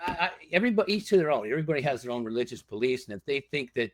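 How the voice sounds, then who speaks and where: Lively storytelling man, dry sound. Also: medium pitch, racing, no echo. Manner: lively, acts out other people's lines with laughter. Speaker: guest, former reality show contestant. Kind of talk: casual storytelling chat.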